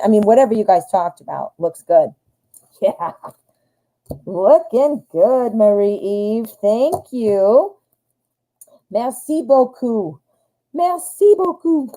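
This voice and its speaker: A woman's voice: mid-range voice, mellow, low-quality recording. A woman hosting a live tarot stream, reading cards in a chatty, upbeat way and talking straight to her viewers. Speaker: tarot reader, live show host.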